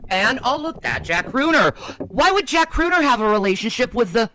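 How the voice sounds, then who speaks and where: A man co-hosting a casual chat, talking in an excitable, conspiratorial way. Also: very high-pitched, moderate pace. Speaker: podcast co-host.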